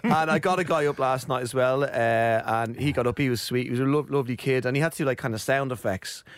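A man with an Irish accent, a comedian guest telling stories in a casual chat, animated and laughing, acting out the voices of people in his anecdotes. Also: mid-range voice, fast talker, clear, resonant tone, no room sound. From Ireland. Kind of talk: casual radio chat, storytelling.

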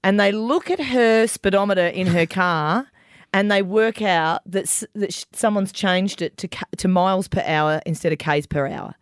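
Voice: mid-range voice, moderate pace, smooth, no echo, studio quality. A middle-aged Australian radio co-host recounting a news story in a chatty way, often checking in with listeners. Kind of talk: casual on-air chat.

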